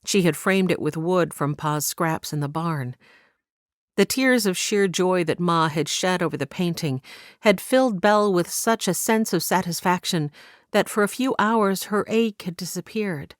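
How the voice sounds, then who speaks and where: Female audiobook narrator, low register, dry studio read. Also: a little slow, dry recording. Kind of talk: scripted narration.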